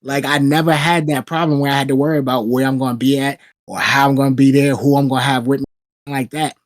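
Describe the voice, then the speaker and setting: A man's voice: medium pitch, fast, dry recording. Profane storytelling man, dry close mic. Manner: profane storyteller, animated retelling. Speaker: podcast co-host. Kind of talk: casual chat.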